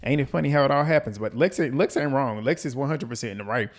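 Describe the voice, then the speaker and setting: A man hosting a reality TV recap, ranting in a blunt, profane, animated way and repeating lines for emphasis. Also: mid-range voice, fast talker. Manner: quotes people in mimicking voices. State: out of breath. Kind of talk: casual commentary recap.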